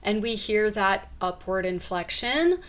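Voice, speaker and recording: A woman explaining body language in a video commentary, calm and explanatory. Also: medium pitch, measured pace, crowd noise.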